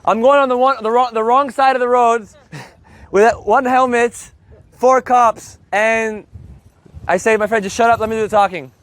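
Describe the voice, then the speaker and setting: A man from Canada teaching a live Spanish class, telling a story in a playful, animated way and acting out the voices. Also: very high-pitched, normal speed, dry recording. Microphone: loudspeaker mic.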